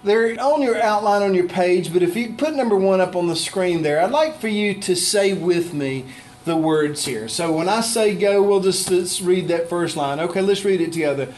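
A man preaching a sermon as pastor, with animated shifts in pitch and pace. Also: moderate pace.

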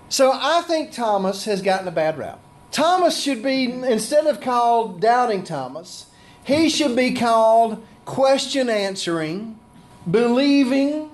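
A man's voice: very high-pitched, sing-song, measured pace. A man preaching a conversational sermon, acting out the scripture voices he quotes. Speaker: pastor.

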